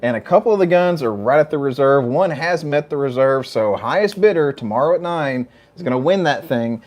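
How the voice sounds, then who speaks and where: A man's voice: fairly high pitch, animated, fairly quick, lo-fi sound. Joking man co-hosting a livestream. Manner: joking, teasing banter. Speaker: co-host of a gun shop livestream. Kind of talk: casual livestream chat.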